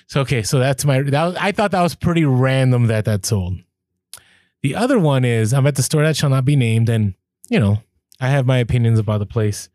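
Here a podcast co-host with a medium-pitched voice talks briskly in casual conversation. He's an animated storyteller who performs the dialogue he quotes, and the studio-quality sound has no echo.

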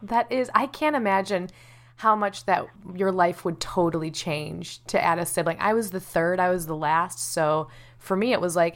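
A woman's voice: lowish voice, moderate pace. Irreverent, cussing woman co-host. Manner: irreverent, swears freely, laughs easily. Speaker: podcast co-host. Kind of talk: casual chat.

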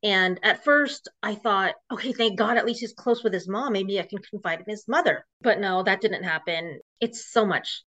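This interview guest has a mid-range, fairly bright voice and talks at normal speed with hardly any pauses. She tells her personal story in an emotional, rambling way full of restarts, captured on dull lo-fi audio.

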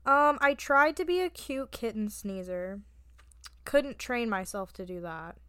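A young woman with a bright, sharp, fairly high voice, recorded dry and close. She chats bluntly as a podcast co-host and swears freely. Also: animated, a little slow, clean tone, no room sound. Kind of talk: casual chat. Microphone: remote call mic.

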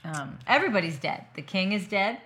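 A woman's voice: mid-range voice, sing-song, brisk, a bit bright, husky. A woman co-hosting a podcast, retelling a movie's plot step by step in casual chat with agreeing fillers. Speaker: podcast co-host.

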